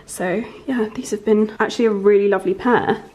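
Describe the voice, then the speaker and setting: A young woman chatting casually in a home vlog, bubbly and often dropping into a soft half-whisper. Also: medium pitch, steady tone, a little fast. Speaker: vlogger.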